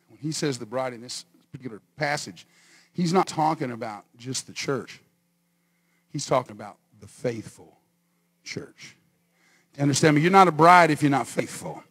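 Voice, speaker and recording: A male pastor preaching a sermon, swinging from quiet asides to shouted exhortation and calling on the congregation to answer. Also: on the high side. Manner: calls on the congregation for responses.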